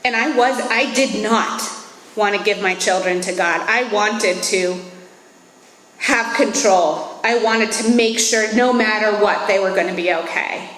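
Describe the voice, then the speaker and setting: A woman's voice: mid-range voice, unhurried, a bit bright. A woman in her thirties giving an earnest, reflective talk at a recovery meeting. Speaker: AA speaker. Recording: echoey hall.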